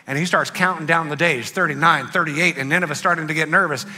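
A man preaching a sermon, telling a story dramatically and swinging between loud bursts and hushed lines. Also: a little high, fairly even intonation, fast talker, slightly rough. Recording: long hall reverb with faint music.

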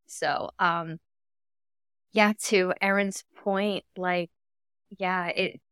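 A woman in her thirties talks as a podcast guest, her voice smooth and clear. She speaks haltingly and with emotion, filling pauses with "uh" and "um". The sound is dry and close, with no room around it. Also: lowish voice, steady tone, fairly bright tone, no echo. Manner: emotional, halting, with many fillers. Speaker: podcast guest, cancer survivor. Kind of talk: casual conversation.

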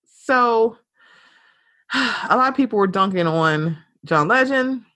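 A woman hosting a podcast, giving blunt, animated pop culture commentary and swearing freely. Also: on the high side, slow, long pauses, no room sound, studio quality. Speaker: podcast host.

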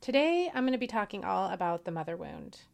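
A woman's voice: medium pitch, very animated, a little fast, vocal fry, noisy background. A woman in her forties hosting a solo podcast, speaking in an earnest, personal way. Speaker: podcast host.

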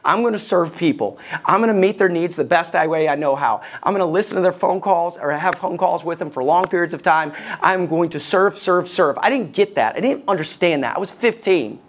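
Gravelly-voiced impassioned male pastor. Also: sits high, fairly quick, few pauses. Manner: impassioned preaching, voice rising on quoted prayers. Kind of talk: sermon.

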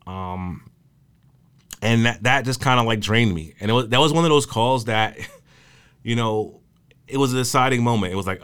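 A man who works in emergency medical services, telling stories from his early days in a casual way, halting often with fillers and restarts. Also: medium pitch, a bit bright, clean tone. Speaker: EMS worker recalling his career. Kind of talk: casual spoken storytelling.

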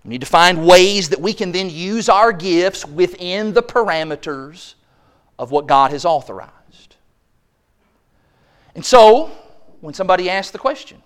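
A man's voice: high voice, animated, measured pace, pauses often, clean tone. Man preaching a sermon from the pulpit. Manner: rhetorical, with mock quoted asides. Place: church sanctuary. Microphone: pulpit microphone.

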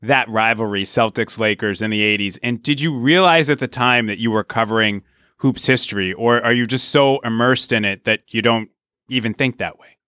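A man's voice: medium pitch, moderate pace, bright, forceful tone, smooth. A man hosting a conversation, asking eager, engaged questions. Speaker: podcast host. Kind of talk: interview conversation.

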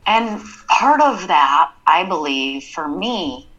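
A woman's voice: lowish voice, sing-song, takes it slowly, fairly bright tone, breathy edge, muffled recording. A woman co-hosting a podcast, talking in a reflective, casual way and working through ideas with examples. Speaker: podcast co-host. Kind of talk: casual chat.

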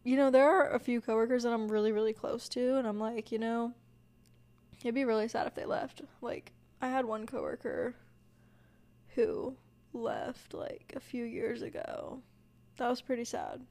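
A young woman with a Southern US accent hosts a solo podcast in a casual, rambling way. Her voice sits a little high, and she pads her thoughts with fillers as she laughs at herself. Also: sing-song, moderate pace, darkish tone. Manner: rambling, filler-heavy, self-deprecating. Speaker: podcast host.

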